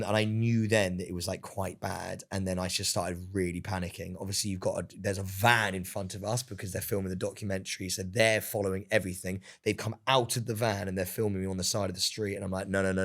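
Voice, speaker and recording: A man's voice: deep voice, quick pace, hardly any pauses. Chatty young man telling a story. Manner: animated storytelling, swears, says "mate" a lot. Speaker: podcast guest. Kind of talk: casual chat. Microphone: studio microphone.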